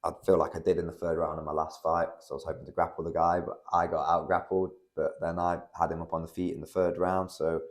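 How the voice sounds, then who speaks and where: A man's voice: low voice, flat delivery, fast talker, few pauses. A young man, a guest fighter, telling a story in casual podcast talk, rambling with lots of fillers and swearing. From United Kingdom. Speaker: guest, amateur MMA fighter.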